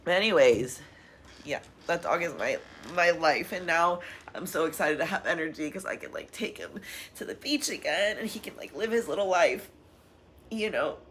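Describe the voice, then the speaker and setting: A woman's voice: lowish voice, animated, normal speed, fairly bright tone. Young woman, candid vlog voice, rambling and emotional, faint noise behind. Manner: emotional, tearful at times, laughing through it; rambling with frequent fillers. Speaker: vlogger.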